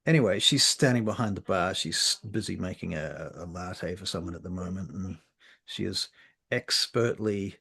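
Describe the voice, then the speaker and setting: A man narrating a tabletop role-playing game as game master, casual and profane, with a gravelly, husky voice. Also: low-pitched, normal speed, pushed and bright.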